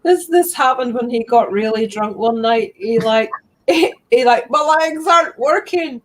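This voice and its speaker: Giggly high-voiced woman chatting. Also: unhurried, a little mellow, rough recording. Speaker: host's girlfriend, co-streamer. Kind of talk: casual live-stream chat.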